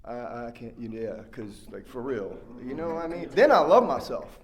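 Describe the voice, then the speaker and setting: A man's voice: mid-range voice, big pitch swings, moderate pace, slight background noise. A man giving a rambling, heartfelt personal share as a speaker at a recovery workshop, full of fillers and restarts. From West Virginia.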